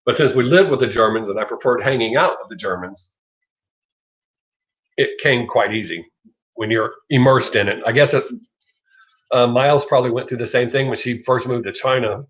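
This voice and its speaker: A middle-aged man with a Southern accent hosts a relaxed livestream chat, speaking at normal speed in a mid-range, fairly bright voice and pausing often. He rambles, laughs a lot and swears freely, all on dull, lo-fi audio.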